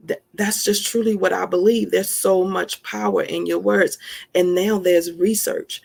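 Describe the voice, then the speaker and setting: Woman speaker, motivational self-help talk, emphatic and homespun, slight gravel in the voice. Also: lowish voice, steady tone, unhurried, a little mellow. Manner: emphatic and folksy, calls listeners honey.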